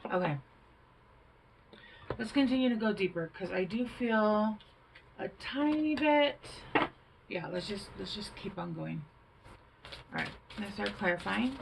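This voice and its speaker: A woman's voice: medium pitch, animated, a little slow, gravelly, long pauses, noisy background. A woman doing a casual tarot reading, chatty and rambling, thinking aloud with fillers, recorded at home on a camera mic. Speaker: tarot reader.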